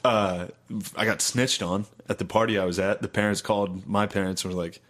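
A man's voice: lowish voice, steady tone, fairly quick, fairly bright tone. A young man casually telling stories, laughing often and swearing freely. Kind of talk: casual storytelling chat.

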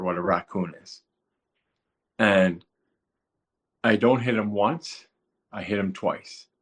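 A man recounts a personal story in a lively, plain-spoken way, his pitch leaping from low murmurs to high, strained cries as he acts out his own prayers. His voice sits in a middle register with a lot of movement. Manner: animated, swings from low murmurs to high excited outbursts. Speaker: guest telling a testimony. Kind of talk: emotional storytelling.

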